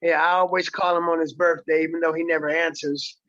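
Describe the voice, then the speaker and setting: A man in his sixties from San Francisco, a stage actor interviewed as a guest, telling stories in a slow, relaxed way. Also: a little high, no echo, dull audio. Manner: slow, relaxed storytelling with repeated words. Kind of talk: casual interview chat.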